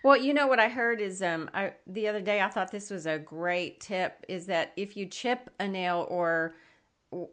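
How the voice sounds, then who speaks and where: An older woman hosting a podcast, chatting in a friendly, meandering way. She often lets her voice fall into soft asides. Her pitch is middling. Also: moderate pace. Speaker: podcast host. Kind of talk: casual interview chat.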